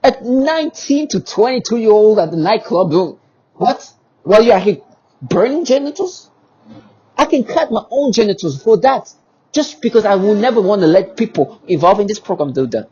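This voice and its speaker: A man with a somewhat high, husky voice delivers an agitated monologue to camera. His pitch swings widely as he presses his points with repetitive rhetorical questions. The audio is dull and lo-fi. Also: big pitch swings, normal speed, dark tone. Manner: emphatic and repetitive, with many restarts and rhetorical questions. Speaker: vlogger.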